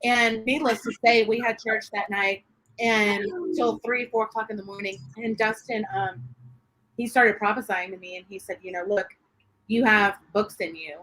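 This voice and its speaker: A woman, a guest sharing her faith testimony in an interview, animated and quick to laugh as she acts out what people said. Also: mid-range voice, low-quality recording. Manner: animated storyteller, laughs often, acts out quotes.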